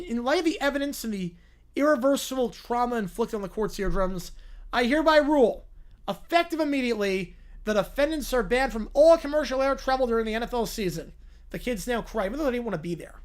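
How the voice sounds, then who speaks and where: Woman playing a pompous judge, formal and official in delivery, lively pitch. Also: a little fast, lightly acted.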